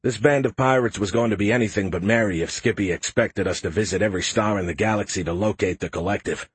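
A man reads a science fiction audiobook with a wry, deadpan delivery. His voice is on the low side and a little husky. The recording is close and dry. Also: fast, no room sound. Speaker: audiobook narrator. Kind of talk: scripted narration.

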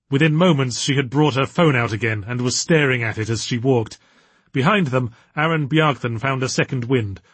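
A man narrating an audiobook story in measured storytelling tones with a husky voice. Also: mid-range voice, fairly bright tone, no room sound.

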